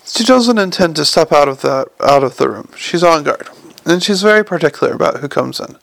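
Guy voicing a stiff formal clerk, calm and clipped, gravelly. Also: a little high, a little fast, no room sound.

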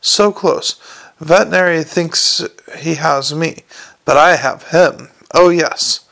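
A man's voice: fairly high pitch, fairly even intonation, slow pace, vocal fry, full character voice. A man doing a feverish scheming nobleman. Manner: quiet, self-assured, creepily dreamy. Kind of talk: audiobook character reading.

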